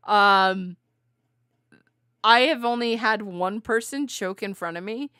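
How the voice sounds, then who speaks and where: A woman co-hosting a podcast in casual chat, telling animated stories, acting out quotes and laughing often. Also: medium pitch, slow pace, clear, resonant tone, dry recording, clean studio sound. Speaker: podcast co-host.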